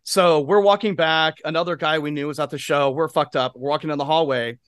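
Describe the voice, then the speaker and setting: A male podcast co-host with a fairly high voice, spinning a rambling anecdote full of asides and swearing. The sound is dry and close, from a studio mic. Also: steady tone, brisk, a bit bright, clean tone, dry recording. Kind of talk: casual storytelling chat.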